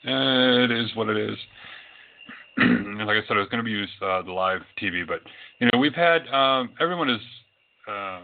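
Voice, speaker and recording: Low-voiced man on a tinny line. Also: normal speed, gravelly. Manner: rambling, many fillers and restarts. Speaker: psychic medium and reverend. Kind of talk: casual storytelling talk. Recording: tinny phone-like audio.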